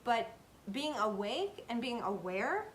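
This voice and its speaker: A fairly high-voiced woman in her thirties talks straight to her viewers in a casual motivational style. She is earnest and emphatic and keeps repeating phrases to drive her point home. A faint low rumble sits under the recording. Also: very animated, takes it slowly. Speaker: self-help video host. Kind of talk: casual motivational talk to camera.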